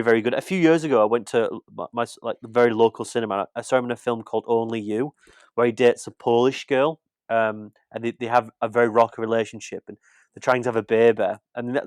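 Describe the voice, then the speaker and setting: A British film critic co-hosting a podcast chats casually about film, rambling, repeating words, and restarting his sentences. His voice is mid-range with fairly even intonation and a fairly quick pace, recorded in studio quality with no echo.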